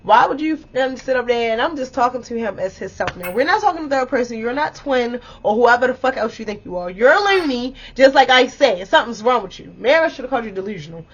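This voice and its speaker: Animated young woman telling a wild story. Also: fairly high pitch, quick pace, hardly any pauses, slightly rough. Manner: animated, exclamatory, swears freely, addresses viewers as y'all. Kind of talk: casual storytime vlog. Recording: dull lo-fi audio.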